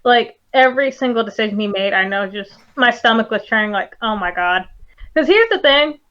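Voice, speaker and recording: A woman co-hosting a casual movie review chat, animated and swearing often. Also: on the high side, brisk. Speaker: podcast co-host. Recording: dull lo-fi audio.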